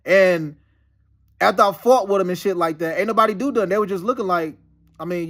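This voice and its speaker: A man pours out a rambling, profane monologue that stays heated and insistent. His voice sits high for a man. He talks quickly. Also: fairly bright tone. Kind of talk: casual monologue.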